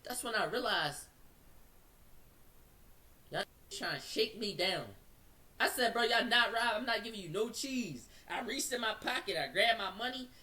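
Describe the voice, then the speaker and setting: Recorded far from the microphone, a high-voiced man tells the story of an incident at a measured pace with long pauses. His language is slangy, he acts out what others said to him, and he speeds up when the tension and excitement rise.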